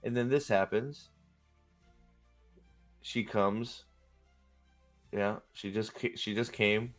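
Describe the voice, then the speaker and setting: A man's voice: lowish voice, steady tone, slow pace, faint music behind. A man hosting casual reaction commentary on video clips, rambling and joking crudely. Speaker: host.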